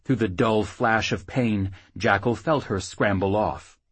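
A man reading an audiobook in an expressive, steady storytelling manner, close on the mic. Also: on the low side, measured pace, breathy edge, dry recording. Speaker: audiobook narrator. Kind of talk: scripted narration.

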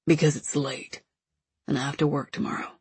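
A woman reading the part of an angry, bitter young man with a gruff, clipped delivery. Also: low voice, level tone, brisk, a little mellow, dry recording. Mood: curt.

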